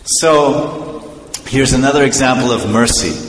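A man's voice: mid-range voice, moderate pace, slight background noise. Man telling a devotional story in an echoey hall. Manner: lively, animated storytelling. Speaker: preacher. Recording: echoey hall with long reverb.

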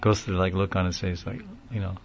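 A man telling a long story in a casual, rambling way, often laughing and getting animated when he quotes people. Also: low voice, fairly quick, lo-fi sound, slight background noise. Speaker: speaker recounting a story in a class. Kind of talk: informal storytelling talk.

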